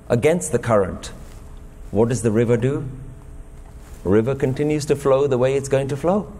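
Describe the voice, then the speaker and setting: A man's voice: medium pitch, mellow, in a large hall, a little hiss or hum. A man giving a sermon at a gurdwara, telling a parable and posing rhetorical questions to the congregation. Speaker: speaker at a Sikh gurdwara. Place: gurdwara hall.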